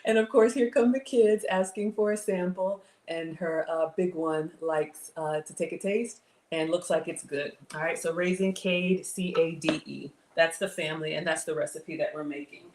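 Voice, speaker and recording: A woman's voice: low voice, fairly even intonation, normal speed, few pauses, reverberant. A middle-aged woman, hosting a live cooking stream and chatting casually with viewers, reading their comments aloud. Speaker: livestream cooking host. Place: home kitchen.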